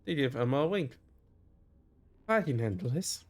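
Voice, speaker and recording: A man's voice: mid-range voice, lively intonation, moderate pace. A man with a German accent voicing a friendly, confident crew mechanic in a reassuring tone.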